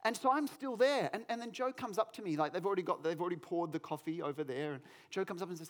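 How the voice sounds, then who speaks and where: A male pastor preaching a sermon, telling a personal story in an animated, self-deprecating way. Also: high-pitched, quick pace, hardly any pauses.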